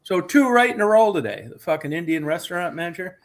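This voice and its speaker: A man's voice: high voice, big pitch swings, fast talker. A man telling a heated, profane story in casual chat as the host.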